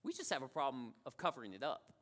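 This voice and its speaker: A man's voice: medium pitch, big pitch swings, quick pace, a bit bright. A male pastor giving a sermon in a conversational storytelling way, repeating his key phrases for emphasis.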